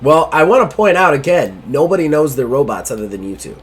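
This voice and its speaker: A man's voice: on the high side, very animated, brisk, slightly rough. A man running a tabletop game as game master, narrating loosely with many fillers.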